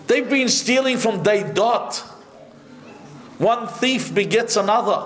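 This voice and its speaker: Male sheikh, fervent sermon delivery, high pitch, roomy hall sound. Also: fairly bright tone. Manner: impassioned, rhetorical questions, rising to high emphatic peaks. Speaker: sheikh preaching at a majlis. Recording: echoey hall.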